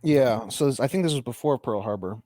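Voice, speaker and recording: A man co-hosts a podcast in casual chat. He talks in a relaxed and thoughtful way. His voice is mid-pitched and sounds dry and close. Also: fairly quick, no room sound. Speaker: podcast co-host and voice actor.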